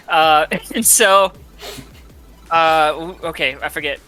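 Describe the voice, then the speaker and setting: A host recaps a video game's story while drunk, wandering off track, cursing and frequently laughing. His voice is a little high, steady and sharp, his delivery unhurried, with soft music playing behind him.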